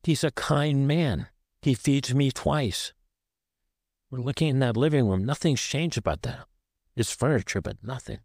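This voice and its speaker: A man's voice: mid-range voice, measured pace, gravelly, a little mellow, husky, dry recording, studio quality. A man from the American Southwest, an author guest on an interview show, recounting a painful personal story in short, vivid present-tense sentences.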